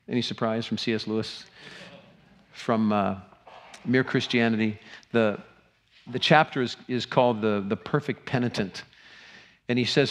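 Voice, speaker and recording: A man, a middle-aged pastor, preaching a sermon with earnest, emphatic appeals to the congregation. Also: on the low side.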